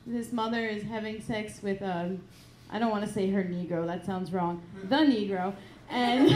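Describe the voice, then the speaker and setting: A woman's voice: a little high, background noise. A woman doing stand-up comedy on a club stage, giggling often and hesitating with many ums. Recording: echoey club room with ambience.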